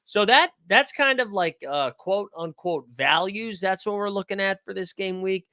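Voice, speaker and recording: A man's voice: high-pitched, moderate pace, sharp tone, no echo, studio quality. A man hosting a fantasy sports live stream in a joking, rambling, profane casual manner.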